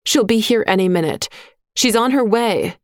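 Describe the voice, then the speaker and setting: In a storybook reading, a woman voices a frightened, stubborn young girl who pleads in a raised voice. She lightly acts the part, pitching above her own medium voice with lively intonation at normal speed, recorded dry with clean studio sound.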